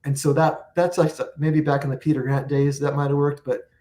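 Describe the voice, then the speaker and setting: A man's voice: fairly high pitch, level tone, fairly quick, warm tone. A man as the guest on an interview show, telling long rambling anecdotes and acting out what people said. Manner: rambling anecdotes with acted-out quotes. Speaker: guest musician. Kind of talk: storytelling interview.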